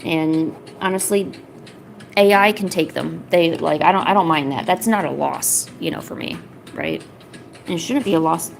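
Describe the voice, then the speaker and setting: With a fairly low, creaky voice at normal speed, a woman chats casually while drawing on a home stream, rambling and leaning on fillers as she pauses to coax her cat. Lo-fi music plays behind her, and the background is noisy.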